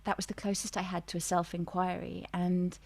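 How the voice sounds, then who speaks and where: Radio guest: a woman with a lowish voice and a dry, close sound, reflective and searching as she talks. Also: level tone, creaky, dry recording. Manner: reflective and searching, with many pauses and restarts. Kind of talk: personal storytelling in a radio interview.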